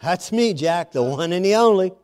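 A man voicing God as a calm, patient presence who reassures a frightened man. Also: high-pitched, moderate pace, smooth.

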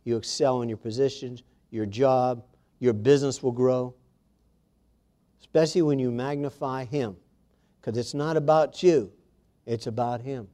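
A man's voice: mid-range voice, unhurried, pauses often, mellow. A man preaching a sermon to a congregation, reading scripture aloud and speaking to his listeners directly with emphasis.

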